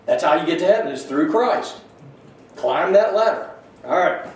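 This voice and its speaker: A man's voice: a little high, expressive, normal speed. Man teaching a Bible class in an echoey room. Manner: thinks aloud, asks the class questions. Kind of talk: conversational Bible lesson. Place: church classroom. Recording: very echoey room, mic far off, faint hiss.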